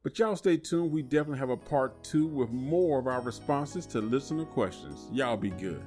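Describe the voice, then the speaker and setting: Lively-voiced man co-hosting a podcast. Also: mid-range voice, normal speed, faint music behind. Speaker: podcast co-host. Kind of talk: casual podcast chat.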